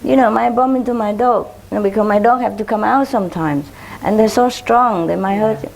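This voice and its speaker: A female spiritual teacher shares chatty anecdotes with her followers in simple, loose English. She talks fairly quickly at a medium pitch, with a darkish tone and some vocal fry.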